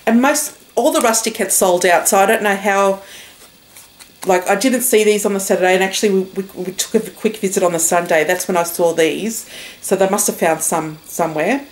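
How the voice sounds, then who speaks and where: A woman's voice: mid-range voice, moderate pace. A woman with an Australian accent chatting casually in a knitting vlog, rambling and full of fillers and restarts. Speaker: knitting vlogger. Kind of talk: casual chat.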